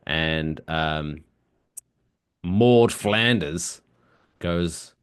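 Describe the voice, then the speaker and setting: A man's voice: sits low, drawn-out words, clean tone. A man co-hosting a podcast in casual chat, retelling favorite cartoon scenes and quoting them in funny voices. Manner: animated, quotes lines from cartoons in put-on voices. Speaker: podcast co-host.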